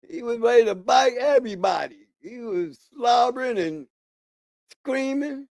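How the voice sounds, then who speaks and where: A man's voice: extremely high pitch, lively intonation, unhurried, gravelly, a little mellow, no echo, studio quality. A man hosting a channel in a casual, rambling monologue, hammering points home by repeating key words. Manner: rambling with restarts. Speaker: channel host.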